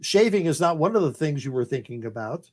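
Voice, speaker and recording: A man's voice: fairly high pitch, expressive, fairly quick. A man hosting a talk show in a casual chat, with playful, teasing interjections. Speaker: drag queen talk-show host.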